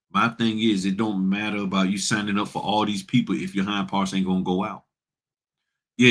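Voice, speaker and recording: Blunt, slangy man ranting to viewers. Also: lowish voice. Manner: blunt, preachy, slangy, addresses viewers as y'all. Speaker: notary business host. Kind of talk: casual livestream talk to viewers.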